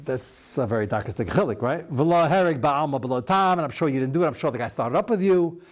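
Animated man teaching Talmud. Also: fast, few pauses. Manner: animated, acts out quoted exchanges with shifting pitch. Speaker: rabbi teaching a Talmud class. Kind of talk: lively Talmud lecture mixing Hebrew terms.

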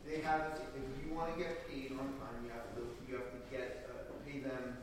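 A man in a class audience adding a hesitant, halting remark. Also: mid-range voice, big-room sound, poor audio.

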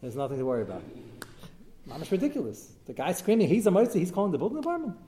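A man, a rabbi, giving a Torah class, telling cases with animated storytelling and sprinkling in Hebrew and Yiddish terms. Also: high-pitched, very fast, slight background noise. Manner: talks in short bursts with frequent fillers and restarts. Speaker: rabbi answering questions of Jewish law.

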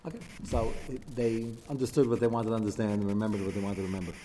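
A man giving a Torah class lecture, taking questions and acting out the quotes he reads with quick asides. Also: fairly low pitch, warm tone. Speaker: rabbi teaching a class. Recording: reverberant hall with faint background noise.

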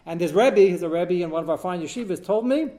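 A man's voice: high voice, expressive, fast, warm tone. A man hosting a talk show, telling a story in a rambling way and peppering his speech with Hebrew and Yiddish terms. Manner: repeats and restarts while telling a story.

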